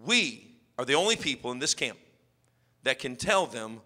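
A man's voice: medium pitch, sing-song, moderate pace, bright, forceful tone, pitched below the performer's own voice, heavily acted. A man playing a self-assured male camp director who lectures in a condescending way. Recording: long hall reverb.

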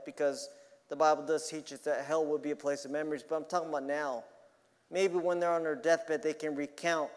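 A man preaching a sermon earnestly, swinging between loud emphasis and quiet, confiding asides. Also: a little high, long reverb tail.

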